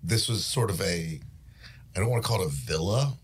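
A man's voice: low voice, animated, a little fast, slightly rough. A middle-aged man co-hosting a podcast, telling a story in a rambling, self-deprecating way with many hesitations. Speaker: podcast co-host. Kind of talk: casual storytelling.

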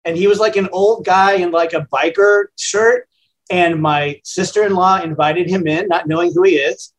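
A man's voice: high-pitched, steady tone, normal speed, a little hiss or hum, low-quality recording. A man in his fifties, a radio host, answering interview questions in a plainspoken, conversational, self-deprecating way. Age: 50s.

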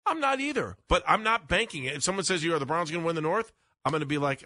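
A man's voice: a little high, animated, fast talker, pushed and bright, no room sound, studio quality. A man co-hosting a sports radio show, talking casually and restarting his sentences often. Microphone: studio microphone.

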